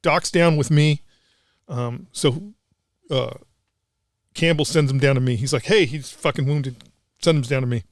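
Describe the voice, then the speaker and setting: A man's voice: mid-range voice, normal speed, pauses often, dry recording, studio quality. A middle-aged man, a combat veteran guest, telling a war story in blunt, profane casual talk.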